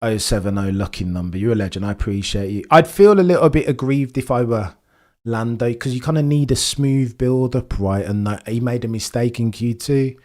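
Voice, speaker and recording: A young man doing live reaction commentary for his stream chat, swinging between excited shouts and low, disbelieving muttering. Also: normal speed. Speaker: livestream watchalong commentator.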